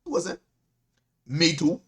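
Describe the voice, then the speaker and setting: A man with a Caribbean accent, a deacon preaching a sermon in an animated, repetitive way, often laughing as he talks. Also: a little high, slow pace.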